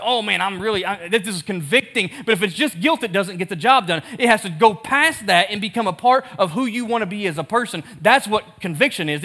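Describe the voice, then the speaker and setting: A man's voice: sits high, pushed and bright. A man preaching a sermon in a casual, conversational way, telling a story and acting out both sides of the dialogue. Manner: casual and conversational, laughs at himself. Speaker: pastor.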